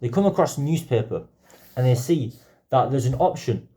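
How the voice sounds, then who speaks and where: A young man reviewing a pile of books in a casual, chatty vlog, quick to go off on enthusiastic tangents. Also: mid-range voice, expressive, dark tone. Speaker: book vlogger. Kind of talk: casual book haul review.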